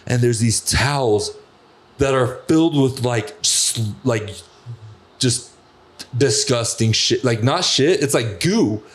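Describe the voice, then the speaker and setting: Young male podcast host, loose and rambling, swears a lot, medium pitch. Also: slow pace. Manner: rambling, profane storytelling with lots of fillers. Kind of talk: casual podcast chat.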